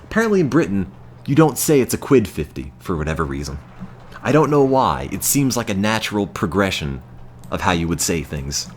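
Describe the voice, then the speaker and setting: An American man streaming a game, chatting to his viewers in a deadpan, self-mocking way. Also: deep voice, brisk, slight background noise. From United States. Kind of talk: casual gameplay commentary to chat.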